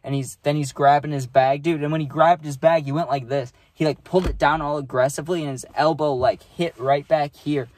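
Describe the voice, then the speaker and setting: A man's voice: fairly high pitch, fairly even intonation, fairly quick, hardly any pauses, darkish tone. A young man telling a casual storytime vlog, rambling with lots of fillers and swearing. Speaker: vlogger.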